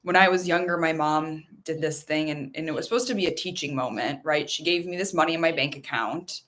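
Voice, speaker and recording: A married woman hosting a guided tapping meditation. She speaks in slow soothing prompts, then tells her own story in a lively, chatty way. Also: low-pitched. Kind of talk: guided meditation and personal talk.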